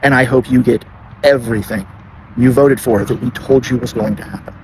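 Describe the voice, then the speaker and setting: A man's voice: medium pitch, steady tone, fairly quick, rough recording. Indignant man ranting outdoors by traffic. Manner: indignant, repetitive, accusing. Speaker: commentator. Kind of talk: passionate political rant.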